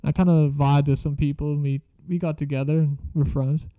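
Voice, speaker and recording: Young guy rambling a story, swears nonstop, slightly high voice, dry muffled mic. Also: little pitch movement, fairly quick, no echo. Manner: slangy, swears constantly, rambling. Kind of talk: casual storytelling.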